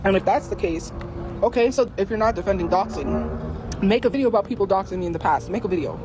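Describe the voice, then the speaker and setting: A woman's voice: medium pitch, lively intonation, quick pace, low-quality recording. A woman arguing insistently on a livestream, repeating her point again and again. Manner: insistent, repetitive, confrontational. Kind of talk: heated livestream argument.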